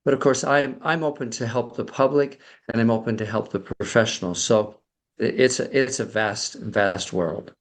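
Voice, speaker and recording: A man's voice: medium pitch, moderate pace. Man explaining, full of fillers. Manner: explanatory, many fillers and restarts. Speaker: podcast guest, kinesiologist and emotional coach. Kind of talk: conversational explanation.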